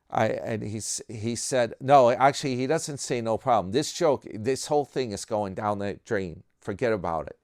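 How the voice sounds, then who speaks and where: Low slow guy rambling to his viewers, smooth dry voice, keeps saying man. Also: darkish tone, no echo. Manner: rambling, self-mocking, slangy with lots of "man". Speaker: channel host. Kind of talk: casual chat, rambling joke-telling.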